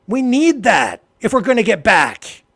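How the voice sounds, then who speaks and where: A Canadian man hosting a political talk show, delivering impassioned commentary that swings from low, quiet remarks to loud, emphatic outbursts. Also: wildly swooping pitch, unhurried, creaky. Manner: heated, addresses a co-host directly.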